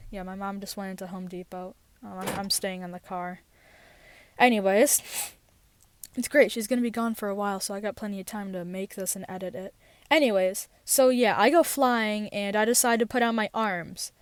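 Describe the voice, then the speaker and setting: A woman's voice: medium pitch, fairly even intonation, normal speed, clean tone, dry recording. A teenage girl telling a personal story in a rambling, casual way, with many fillers and restarts, recorded in a parked car. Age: teens. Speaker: podcast host.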